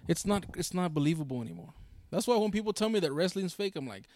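A man's voice: sits high, expressive, fast, a little mellow, no echo, clean studio sound. A man co-hosting a casual live-streamed podcast, joking with viewers and laughing often. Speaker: podcast co-host.

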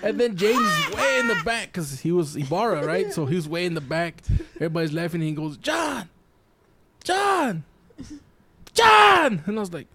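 A man's voice: a little high, fast, few pauses, noisy background. A man casually telling stories to friends, laughing often as he talks. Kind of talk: casual storytelling among friends.

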